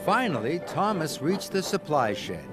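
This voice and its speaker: A man narrating a children's story in an expressive, gently dramatic way. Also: on the high side, moderate pace. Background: music.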